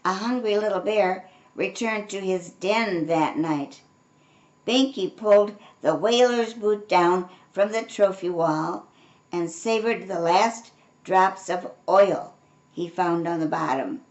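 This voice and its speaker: An older woman reading a storybook aloud, gentle and unhurried, with friendly asides to young listeners. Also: medium pitch, dull audio. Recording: roomy echo.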